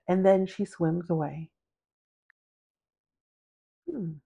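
Slow rhythmic woman reading aloud. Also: medium pitch, lively intonation, vocal fry, mellow. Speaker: storyteller. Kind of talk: children's read-aloud.

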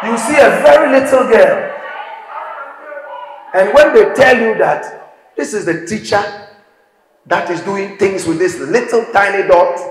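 A high-pitched man with a Ghanaian accent lectures students like a preacher, hammering points through repetition and sudden shouts. His voice rings around a large echoey hall, and a faint background hum stays under it. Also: a little slow, pauses often. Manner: emphatic, repetitive, bursts into shouts. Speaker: motivational speaker addressing students. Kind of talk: preaching-style speech to a school crowd.

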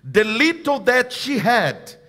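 A man preaching in a church service, his voice pitched high and swinging widely as he drives each point home. He takes it slow and deliberate, pausing to prompt the church to answer back. His phrasing is emphatic and repetitive, building line on line. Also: very animated, pushed and bright. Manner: call-and-response preaching, prompting the congregation to repeat. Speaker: pastor. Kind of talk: sermon.

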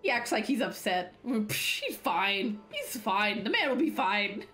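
A woman's voice: medium pitch, big pitch swings, measured pace, pushed and bright, faint music behind. A young woman streaming a game in casual chat, laughing constantly as she talks. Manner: giggly, laughs constantly while talking. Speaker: gaming streamer. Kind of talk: casual let's-play chat.

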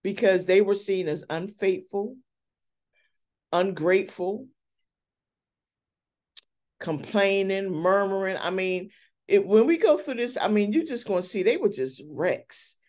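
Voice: mid-range voice, expressive, a little slow, long pauses, a little mellow. A church elder speaking earnestly and candidly in a casual Bible study, often restarting sentences.

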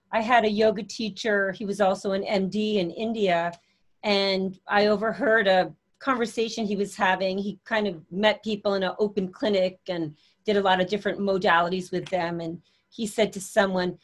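A woman's voice: mid-range voice, steady tone, normal speed. A woman hosting an interview over a video call, thanking her guest and inviting listeners to unmute and ask questions. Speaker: podcast host. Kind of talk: casual interview chat.

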